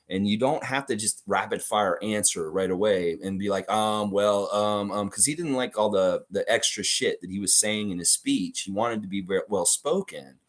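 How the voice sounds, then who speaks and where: A man hosting a casual basketball fan livestream, reading viewer comments aloud and acting out the people he quotes. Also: on the low side. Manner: talkative, acts out quoted people. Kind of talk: casual sports talk reacting to chat.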